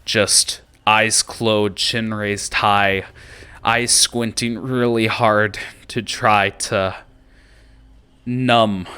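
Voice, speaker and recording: Male game master, low and bright-toned, relaxed narration with frequent pauses. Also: clean tone.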